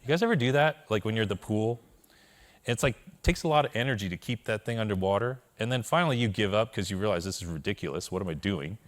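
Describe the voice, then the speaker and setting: In a lowish voice at a quick pace, a Korean man recounts his personal story during a keynote talk. His humor is candid and self-deprecating, and he keeps checking in with the audience.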